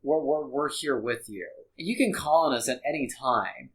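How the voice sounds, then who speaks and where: Male podcast guest, mid-pitched, earnest and rambling, full of restarts. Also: moderate pace, low-quality recording. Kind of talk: casual reaction chat.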